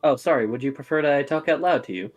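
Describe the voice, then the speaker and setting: A man voicing a calm, polite telepathic woman in a tabletop game, in a soft, low voice. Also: fast, lightly acted.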